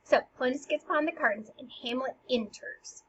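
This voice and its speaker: A woman with a high voice talks through the scene like a teacher, chatty and playful. The recording is slightly dull, with a faint hiss in the background. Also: brisk, a bit bright. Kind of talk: casual explainer lesson.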